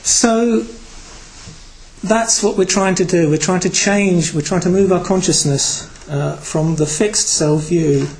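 A man's voice: high voice, slow pace, darkish tone, rough recording. A man from Britain giving a Buddhist talk to a group, reflective and hesitant, with many fillers. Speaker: Buddhist teacher.

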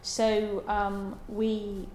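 A woman's voice: medium pitch, level tone, a little mellow. Woman doing a dharma talk, lots of ums, echoey room, a little background hiss. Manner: halting, thoughtful, many ums. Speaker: Buddhist dharma teacher. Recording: roomy echo.

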